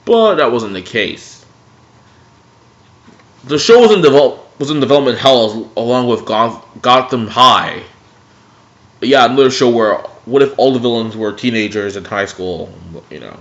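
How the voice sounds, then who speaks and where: A young man ranting casually about TV cartoons in a dim room at home, animated and profane. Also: mid-range voice, moderate pace. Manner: animated, profane, jumps between mocking impressions. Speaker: video blogger. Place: dimly lit room at home. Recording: dull, lo-fi home recording.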